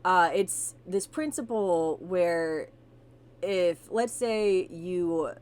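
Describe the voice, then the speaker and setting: A woman co-hosting a podcast, telling wild stories in a casual, animated way, swearing freely and sometimes reading aloud. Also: fairly low pitch, extremely slow. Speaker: podcast co-host. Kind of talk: casual storytelling chat with profanity.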